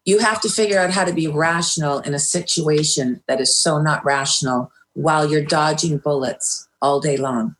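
A woman's voice: low voice, moderate pace, hardly any pauses, a bit bright. A middle-aged woman, a guest in an interview, recounting a hard time candidly and with feeling, with some hesitant restarts. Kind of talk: personal storytelling in an interview.

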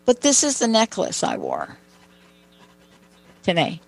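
A woman's voice: medium pitch, huge pitch swings, takes it slowly, creaky, low-quality recording. A woman hosting a talk show, telling personal stories in a chatty way and making asides to her co-host. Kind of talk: conversational storytelling.

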